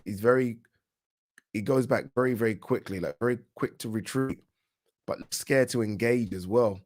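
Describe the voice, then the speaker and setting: A man with a British accent giving casual live commentary on a boxing match for his channel, chatty and quick to react, often restarting his words. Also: on the low side, darkish tone. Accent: British English. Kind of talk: live watch-along fight commentary.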